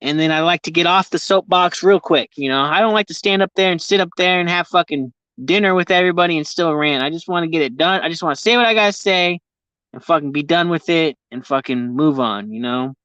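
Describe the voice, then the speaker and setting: A man's voice: on the high side, a little fast, sharp tone, smooth, dry recording, highs cut off. Swearing man ranting in his vehicle. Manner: profane, heavy swearing, ranting. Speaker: vlogger. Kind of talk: casual rambling vlog. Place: inside a vehicle.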